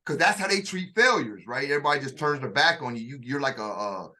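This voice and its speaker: A man casually telling a story in conversation, animated and full of slang, with vocal sound effects. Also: medium pitch, fast talker. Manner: uses slang and restarts. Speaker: storyteller in a two-man dialogue.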